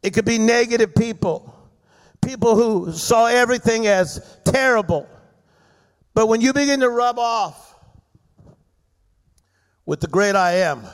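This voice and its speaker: High-voiced fervent male preacher. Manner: fervent, rousing the crowd with call-and-response. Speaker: guest preacher. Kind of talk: sermon. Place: church service. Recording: echoey hall reverb.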